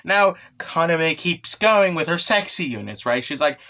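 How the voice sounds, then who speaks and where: Brief: excitable man ranting through a casual recap, swearing, bright and animated. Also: fairly high pitch, a little slow. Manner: excitable, rambling, swears, many fillers. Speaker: manga recap vlogger.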